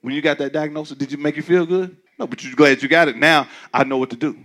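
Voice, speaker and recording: A man preaching a sermon as pastor, talking to the congregation in a conversational way with many restarts, dropping to quiet asides and rising to loud, emphatic declarations. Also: fairly high pitch, steady tone, fast talker. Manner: frequent stammering restarts.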